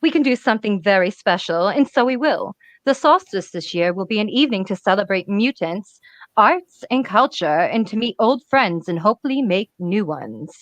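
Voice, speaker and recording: A woman's voice: mid-range voice, expressive, moderate pace, dry recording, natural voice. A woman voicing a haughty, snooty rich hostess in a comic book read-aloud, cool, clipped and condescending, recorded on a webcam.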